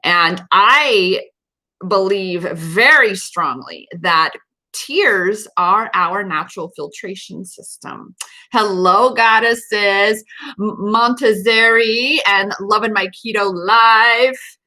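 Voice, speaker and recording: A woman's voice: medium pitch, takes it slowly, pushed and bright. A woman hosting a live stream as a self-empowerment coach, talking casually and earnestly, with many fillers and repeated words. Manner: earnest, emphatic, with fillers and repetitions.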